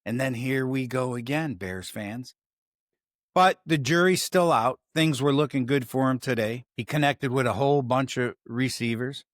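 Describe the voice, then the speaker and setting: A sports podcast host with a Chicago accent rambles through a casual talk show, swearing and cutting off his own sentences. His voice is medium-pitched at a normal speed, recorded in a clean studio with no room sound.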